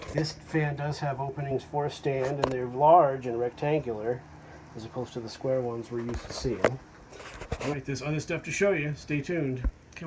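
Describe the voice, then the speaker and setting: A man's voice: medium pitch, background noise. A man casually describing a vintage fan he collected, talking in a rambling, hesitant way with frequent fillers. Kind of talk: casual show-and-tell narration. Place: porch at home.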